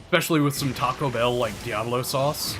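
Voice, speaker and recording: In casual commentary over game music, a streamer chats with viewers and explains his tactics, with occasional swearing. He's a man with a mid-range voice who keeps a steady tone and talks fairly quickly.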